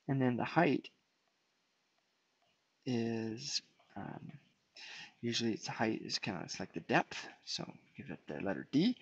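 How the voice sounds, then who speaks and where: Man, lecturer, gravelly voice, drawing while explaining, dry dull recording. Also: mid-range voice, a bit bright, dry recording. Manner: unscripted, restarts and fillers while drawing. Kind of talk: whiteboard lecture. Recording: dull lo-fi sound.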